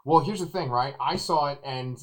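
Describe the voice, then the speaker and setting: A man reviewing a movie in casual chat, animated and acting out what others said. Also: mid-range voice, normal speed, low-quality recording. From Texas. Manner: animated, acts out quotes loudly.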